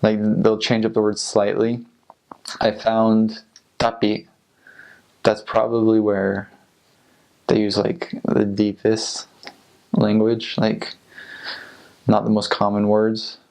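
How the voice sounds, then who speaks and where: A young American man, a returned missionary, talking casually in an interview in a relaxed, rambling way with lots of filler words. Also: on the low side, slow pace, gravelly, pauses often. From United States.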